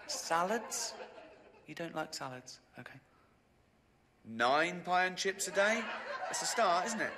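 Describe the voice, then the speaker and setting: A middle-aged man with an English accent doing a stand-up comedy set, mocking and sardonic, sometimes jumping into a high squeaky voice for the people he quotes. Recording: video game audio capture with background noise.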